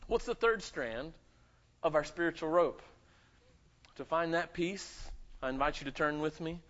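A man preaching a sermon with dramatic swings between loud, high emphasis and quiet, low asides. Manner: animated preaching with dramatic swings in pitch and volume. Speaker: pastor. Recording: muffled lo-fi sound.

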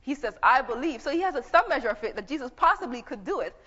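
A woman's voice: high-pitched, lively intonation, fast talker, sharp tone, breathy edge, dull audio. Woman preaching in an echoey hall. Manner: conversational Bible teaching, reading scripture aloud. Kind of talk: sermon.

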